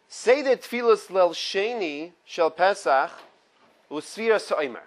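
Man teaching a relaxed morning halacha class. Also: high-pitched, measured pace. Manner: reads Hebrew text then translates, conversational asides. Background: small study group in the room.

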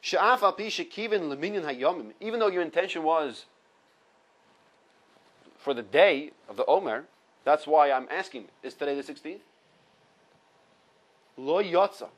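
A man's voice: a little high, lively intonation, normal speed, long pauses, poor audio. A man teaching an informal halacha class, reading Hebrew sources and explaining them in English step by step. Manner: explains step by step, repeats key points, mixes Hebrew quotes with English. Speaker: Torah teacher.

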